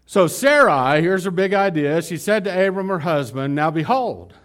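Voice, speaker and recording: A male pastor preaching a sermon, animated and talking straight to his congregation. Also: sits high, normal speed, clean tone. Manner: animated, acts out dialogue; addresses congregation directly.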